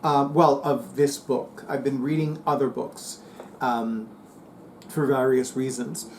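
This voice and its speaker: A man's voice: medium pitch, steady tone, slow pace, a little hiss or hum. A man from New Jersey hosting a casual book review vlog, chatty and rambling with many fillers. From New Jersey, USA. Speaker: BookTube channel host.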